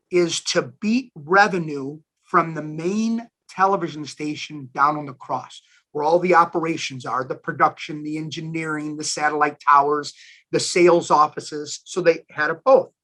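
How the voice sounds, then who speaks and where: A man in his fifties, a station manager and alumni guest, telling career stories in a chatty, animated interview. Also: on the high side. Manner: animated, chatty storyteller who addresses listeners as guys. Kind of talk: casual storytelling interview.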